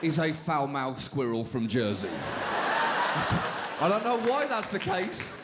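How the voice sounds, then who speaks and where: A British man hosting a stand-up show, delivering jokes with dry deadpan timing on a club stage. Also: on the high side, a little slow. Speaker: comedy show host. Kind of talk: stand-up comedy. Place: comedy club stage with live audience. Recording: laughing crowd and room noise.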